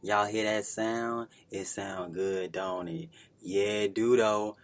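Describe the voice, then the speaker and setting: A man's voice: fairly low pitch, steady tone, slow. Laid-back young man from Virginia, chatting. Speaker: podcast co-host. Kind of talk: casual chat. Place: library room.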